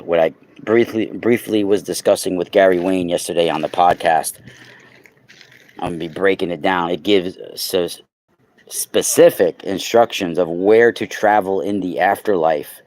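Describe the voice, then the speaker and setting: A man chatting casually on a livestream, exclaiming loudly and talking straight to his viewers while selling crystals. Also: deep voice. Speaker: crystal seller and podcaster. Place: indoors at home.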